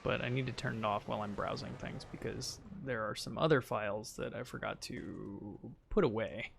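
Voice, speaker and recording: A man streaming a video game, casually ranting and insisting on his point, sometimes trailing off quietly. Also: fairly low pitch, normal speed, gravelly, a little hiss or hum.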